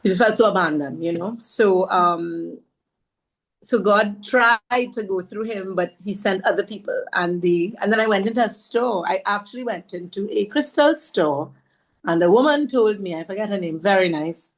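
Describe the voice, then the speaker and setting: A woman from Trinidad, a podcast guest telling her story in an animated, self-mocking way. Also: medium pitch, normal speed. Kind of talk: storytelling conversation.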